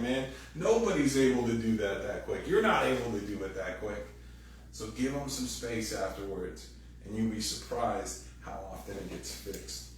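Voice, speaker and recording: A man's voice: lowish voice, a little hiss or hum. Male pastor, casual and joking, acts out quoted voices; distant mic in a very echoey hall. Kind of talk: sermon. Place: church sanctuary.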